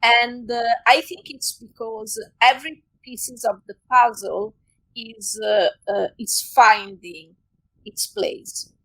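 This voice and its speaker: Slow, hesitant woman, Italian native speaker. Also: a little high, sharp tone, no room sound, rough recording. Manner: hesitant, many filler "uh"s. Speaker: podcast co-host. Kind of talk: casual podcast chat.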